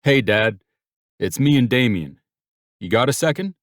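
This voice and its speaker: A man's voice: medium pitch, expressive, measured pace, no room sound, clean studio sound, voice pushed up, close to an everyday voice. A man voicing a pushy, impatient adult brother in an audiobook, speaking bluntly. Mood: insistent. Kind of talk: audiobook character voice.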